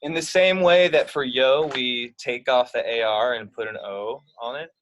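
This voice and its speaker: Guy teaching spanish to kids, slow and patient, lots of ums, walks thru each step. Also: medium pitch, a bit bright, highs cut off. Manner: patient, step-by-step explaining with many fillers. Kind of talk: explaining grammar to young students.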